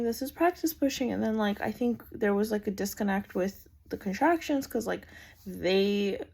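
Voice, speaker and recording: With a mid-range, gravelly and slightly mellow voice, a young adult woman recounts her birth story for her vlog. She keeps it chatty, leans heavily on "like," and acts out what people said.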